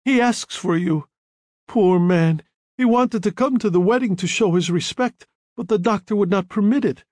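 A woman's voice: mid-range voice, moderate pace, darkish tone, no echo, studio quality, pitched above the performer's own voice, lightly acted. A man voicing a stout older woman who babbles through tears, wailing her thanks. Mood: tearful pleading. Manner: sobbing, wailing pleas.

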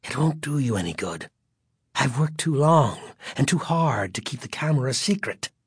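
A storybook reader voicing a menacing, bony old man in a low, threatening voice that sinks into whispers. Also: lively intonation, normal speed, husky, no echo, studio quality.

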